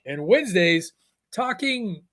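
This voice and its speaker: Animated middle-aged male podcast host. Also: sits high, takes it slowly. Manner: animated storytelling, rambling with restarts. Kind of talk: casual podcast chat.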